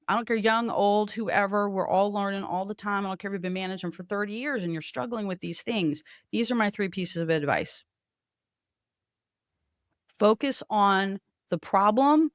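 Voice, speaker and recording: A woman's voice: medium pitch, no room sound, clean studio sound. A woman hosting a solo podcast, telling stories and acting out both sides of the conversations. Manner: animated storytelling, acts out both sides of conversations. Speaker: podcast host.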